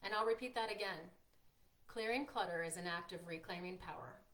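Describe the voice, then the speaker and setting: A woman hosting a live-streamed workshop, chatty and encouraging, reading out viewers' comments and filling pauses with "like" and "um". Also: fairly low pitch, a bit bright. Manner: encouraging, frequent fillers like "like" and "um". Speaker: workshop host and coach.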